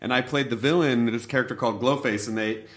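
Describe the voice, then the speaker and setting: Relaxed male voice actor telling stories. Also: mid-range voice, quick pace. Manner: relaxed, anecdotal storytelling. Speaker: interviewer and voice actor. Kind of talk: interview, casual chat.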